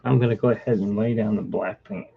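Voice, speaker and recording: A man's voice: lowish voice, steady tone, fast, creaky, background noise. A man chatting casually on a live art stream, rambling from one topic to the next. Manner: rambling, drifting between topics. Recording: tinny phone-like live-stream audio.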